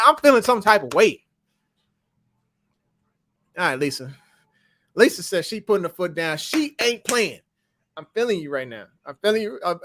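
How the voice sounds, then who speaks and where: A man hosting a fan livestream, reacting emotionally to a live football game and swinging between loud outbursts and fast muttering. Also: a little high.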